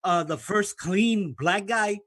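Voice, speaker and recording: A man's voice: high-pitched, slow, fairly bright tone, dry recording. A man in a heated political debate, combative and insistent, pushing back over and over.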